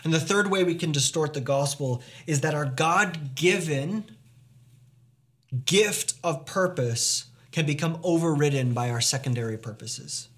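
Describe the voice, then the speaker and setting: A man's voice: fairly high pitch, unhurried, a bit bright. A man preaching a sermon as pastor, earnest and emphatic, posing rhetorical questions to the congregation.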